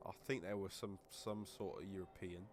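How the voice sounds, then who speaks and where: A man's voice: low-pitched, fairly even intonation, moderate pace, a crowd in the background. A man co-hosting a podcast, telling rambling stories full of crude jokes in casual chat. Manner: rambling, crude jokey storytelling. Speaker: podcast co-host.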